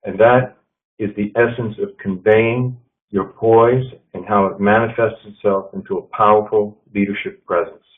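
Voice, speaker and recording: A man giving a leadership presentation to an audience, measured and telling stories. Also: on the low side, steady tone. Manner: measured, storytelling with quotes. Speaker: leadership speaker. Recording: tinny phone-like sound.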